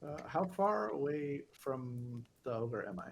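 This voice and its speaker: A man's voice: mid-range voice, lively intonation, measured pace, gravelly, a little hiss or hum. A man playing a tabletop game, talking in a cautious, hesitant way with many fillers. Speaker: player. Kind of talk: casual chat at a game table.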